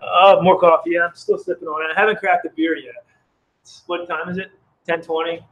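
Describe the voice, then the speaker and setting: Man, casual live-stream brewer, rambling and friendly with chat, slightly high voice, outdoors on phone camera. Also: little pitch movement, brisk, fairly bright tone, muffled recording. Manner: chatty, reads chat aloud, rambling. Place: outdoors in the cold.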